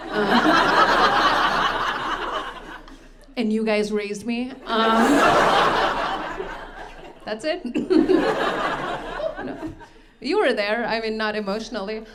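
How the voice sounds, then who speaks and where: Young woman comic, unhurried delivery, dry self-deprecating jokes, loud laughing crowd noise. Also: a little high. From Texas. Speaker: stand-up comedian. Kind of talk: stand-up set. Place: comedy club stage. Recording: live club audio with loud crowd laughter.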